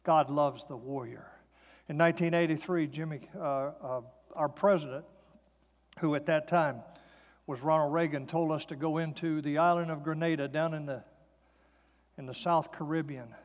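A man's voice: on the high side, steady tone, moderate pace. A man in his sixties giving a folksy preaching testimony to an audience. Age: 60s. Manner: folksy storytelling. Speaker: speaker. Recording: long hall reverb.

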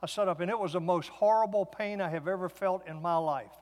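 A man's voice: high-pitched, a little fast, darkish tone. A man in his sixties giving a folksy preaching testimony to an audience. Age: 60s. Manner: folksy storytelling. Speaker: speaker. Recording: long hall reverb.

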